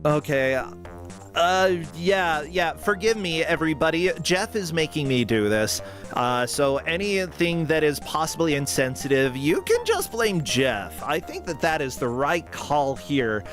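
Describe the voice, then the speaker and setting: A man's voice: a little high, sing-song, unhurried, fairly bright tone, soft background music. A man commentating a game stream in casual, self-deprecating banter. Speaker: tournament commentator.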